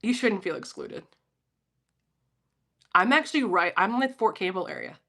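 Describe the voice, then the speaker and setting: A woman's voice: mid-range voice, expressive, normal speed, creaky, bright, forceful tone. A woman from Philadelphia giving a casual, profane pep talk on a livestream and answering her chat. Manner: blunt, profane, talks straight to chat.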